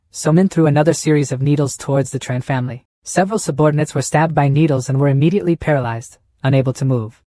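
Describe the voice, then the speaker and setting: A man reading a scripted story recap in a steady, plain way. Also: a little high, dry recording. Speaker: narrator.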